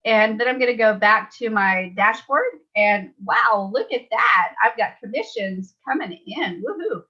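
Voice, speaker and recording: A woman's voice: medium pitch, measured pace, sharp tone, highs cut off. A woman leading a live online webinar tutorial, chatty and upbeat, laughing easily. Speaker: webinar trainer.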